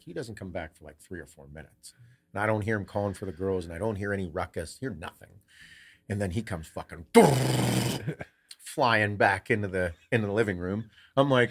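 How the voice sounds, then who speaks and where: A man co-hosting a podcast, telling a lively family story with lots of swearing and laughter. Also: fairly low pitch. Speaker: podcast co-host. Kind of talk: casual storytelling.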